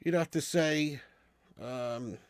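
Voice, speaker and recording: A man hosts a live football watch-along stream, reading out donations and bantering chattily with viewers, laughing often. His voice is on the high side and he takes it slowly, in a dry recording.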